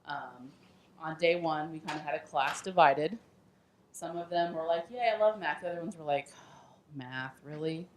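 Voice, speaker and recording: A woman who teaches math speaks proudly at a graduation, with a very low voice for a woman. The sound is echoey, with faint room noise behind her. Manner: upbeat and proud. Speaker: math instructor. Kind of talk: graduation speech. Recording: echoey hall.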